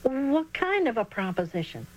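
A woman voicing an excited young boy baseball player in a storybook reading. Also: high-pitched, normal speed, lo-fi sound, voice pushed up. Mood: curious. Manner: lively, excited. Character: eager young boy, first baseman.

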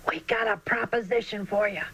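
A woman voicing a gruff, scheming young boy bully in a children's storybook reading. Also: on the high side, animated, moderate pace, pitched above the performer's own voice, poor audio. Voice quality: gruff, whispering.

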